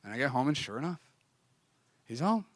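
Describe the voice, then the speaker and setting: A young adult man preaching, telling a personal story in an animated, confessional way and acting out dialogue. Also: mid-range voice, brisk, no room sound, studio quality. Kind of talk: storytelling sermon.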